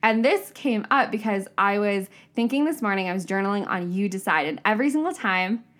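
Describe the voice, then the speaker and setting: Young woman podcast host, solo reflective monologue, candid and casual, animated when quoting. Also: mid-range voice, brisk. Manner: candid and casual, frequent swearing and "like"; animated, shifting pace, upward bursts when quoting herself.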